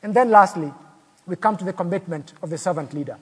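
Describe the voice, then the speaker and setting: A man's voice: high voice, fast, husky. A man preaching a sermon, telling stories and asking rhetorical questions, acting out the people he quotes. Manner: storytelling, acts out quoted voices, rhetorical questions. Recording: long hall reverb.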